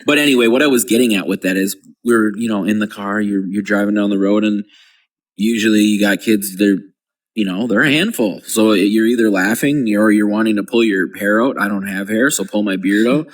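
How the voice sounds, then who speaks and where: A man's voice: fairly low pitch, fairly quick, distant mic. A man in his thirties, co-hosting a casual podcast chat and rambling through stories with casual swearing. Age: 30s. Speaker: podcast co-host.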